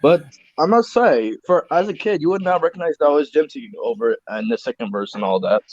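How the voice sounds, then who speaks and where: Young man, co-host, casual podcast chat, relaxed, chatty, dull lo-fi recording, dry sound. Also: on the high side, brisk, dry recording. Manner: relaxed, chatty, loose asides.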